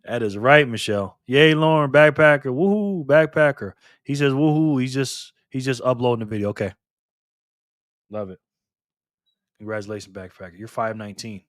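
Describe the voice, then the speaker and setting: A middle-aged man hosting a casual live stream, lively and teasing, laughing often as he reacts to chat. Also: mid-range voice, moderate pace, no room sound, studio quality.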